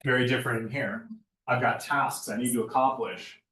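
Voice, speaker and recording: In an echoey room, recorded at a distance, a man lectures a class on lighting design at normal speed. His mid-range voice is steady and a bit bright, and his conversational delivery is dotted with questioning "right?" tags.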